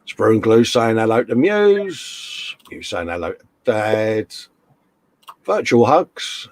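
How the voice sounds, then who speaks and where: A man's voice: fairly low pitch, very animated, slow pace, dry recording. A man hosting a casual live stream, chatting and reading out viewer comments in a jokey way.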